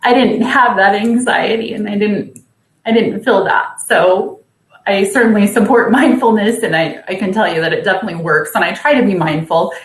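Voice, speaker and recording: A woman working as a caseworker and peer support trainer, sharing in a halting way with many fillers and soft laughs from her office on a video call. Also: medium pitch, reverberant, poor audio. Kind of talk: sharing in an online group session.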